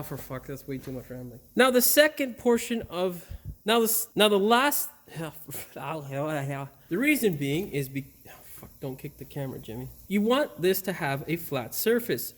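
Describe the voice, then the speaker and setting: A man hosting a car repair tutorial in his garage. He is upbeat, keeps calling viewers "boys and girls," and curses freely when things go wrong. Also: on the high side. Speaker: host of a car repair channel. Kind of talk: casual how-to tutorial with outtakes. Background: neighbor's air compressor.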